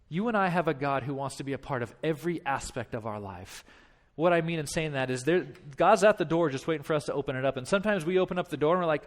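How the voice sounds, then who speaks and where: A pastor in his thirties preaching a sermon, with impassioned, repetitive phrasing and acted-out dialogue. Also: fairly high pitch.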